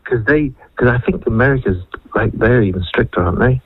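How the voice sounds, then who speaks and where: Husky man on a muffled line. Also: mid-range voice, brisk, no room sound. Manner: joking, relaxed. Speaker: caller, host's husband. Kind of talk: casual radio chat.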